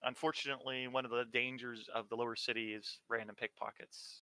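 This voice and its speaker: Bright-voiced man running a tabletop game. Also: medium pitch, flat delivery, a little fast, clean tone, no room sound, low-quality recording. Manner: casual, with filler words. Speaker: game master.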